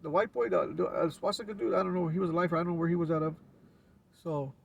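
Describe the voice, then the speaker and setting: Casting: LA man, gravelly and raspy, laid-back storyteller heard from off-mic. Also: high-pitched, fairly even intonation, fast talker, recorded from a distance, highs cut off. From Los Angeles. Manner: laid-back street slang with frequent restarts. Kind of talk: casual storytelling.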